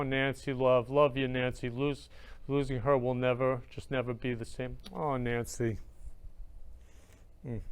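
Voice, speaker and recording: A man hosting a casual livestream show, talking warmly and effusively and saying "love you" over and over. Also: on the high side, clear, resonant tone. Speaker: show host.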